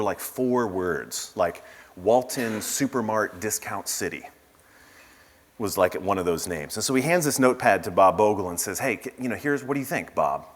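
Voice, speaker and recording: Casting: man with a low voice, casual keynote speaker full of asides, heard in a reverberant conference hall. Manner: casual storytelling with asides and fillers.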